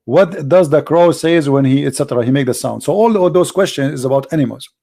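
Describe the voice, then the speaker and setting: A man with an Arabic accent hosting a live stream, reading and translating a text aloud in halting English with many restarts. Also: on the high side, gravelly, dark tone. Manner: halting, restarts and searches for words.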